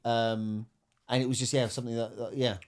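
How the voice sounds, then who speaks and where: A man's voice: mid-range voice, flat delivery, brisk. Reflective storytelling man on a podcast. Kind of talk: casual podcast chat.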